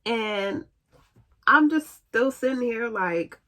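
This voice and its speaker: A woman telling a personal story in a casual storytime vlog, chatty and animated, acting out what others said. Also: a little high, a little slow.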